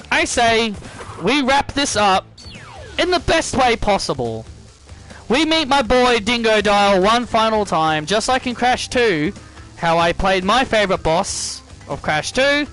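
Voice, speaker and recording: This gaming streamer has a high, fairly bright voice. He chats and rambles through his gameplay commentary, often repeating and correcting himself.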